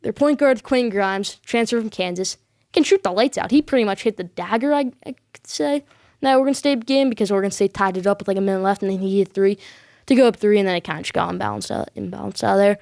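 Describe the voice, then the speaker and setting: A woman's voice: medium pitch, fast, creaky, a little mellow, no echo, clean studio sound. A woman hosting a sports podcast, making emphatic picks and repeating her points for stress. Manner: bold predictions addressed to viewers. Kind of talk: solo sports commentary.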